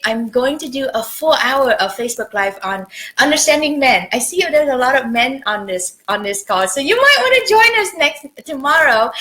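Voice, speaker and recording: Bright-voiced chatty woman coach. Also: high voice, low-quality recording. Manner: chatty, animated, swings loud and soft. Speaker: dating coach. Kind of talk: live-stream advice talk.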